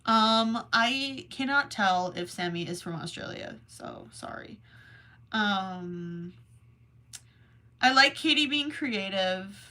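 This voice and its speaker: A woman's voice: mid-range voice, animated. A young woman hosting a crochet livestream, chatting casually and reading messages from the chat in a rambling, self-deprecating way. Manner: slow, rambling and self-deprecating, with soft asides.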